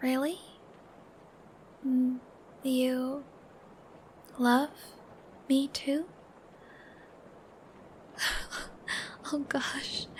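A young woman acts out a bashful, smitten girlfriend in a whispered role-play, her high voice drifting in and out of breathy whispers. She giggles between thoughts and babbles tenderly, and she takes her time with every word. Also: a little hiss or hum, full character voice. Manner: giggly, babbling, soft and affectionate. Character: shy giggly young woman, newly in love.

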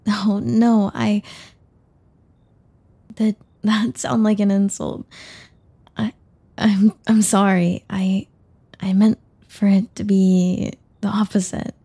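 A woman's voice: mid-range voice, little pitch movement, slow, pauses often, warm tone, slightly rough. A young woman voicing a shy, nervous young woman in an audio role-play, talking hesitantly and stumbling over her words with many restarts.

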